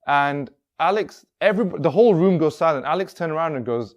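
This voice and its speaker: At a workshop, a man tells a story in a rambling, casual way, full of ums and restarts. His voice is a little high, his intonation lively, and he talks a little fast.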